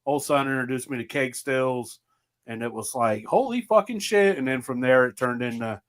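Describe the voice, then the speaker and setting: A man's voice: medium pitch, level tone, normal speed, a bit bright. A man in casual chat, telling loose stories and mimicking others in quotes. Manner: laughing, loose storytelling with mocking quoted voices.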